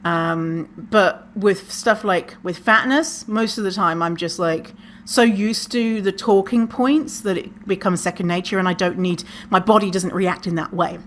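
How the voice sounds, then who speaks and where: A woman's voice: medium pitch, measured pace, fairly bright tone, slight background noise. A woman hosting a podcast, giving casual advice in a sassy, swearing way and acting out quoted lines. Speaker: podcast host.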